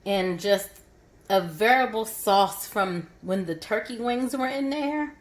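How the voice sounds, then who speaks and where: A woman's voice: mid-range voice, unhurried, slight background noise. Chatty woman showing how she cooks. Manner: chatty step-by-step explaining. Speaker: home cook vlogger. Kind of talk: cooking demonstration.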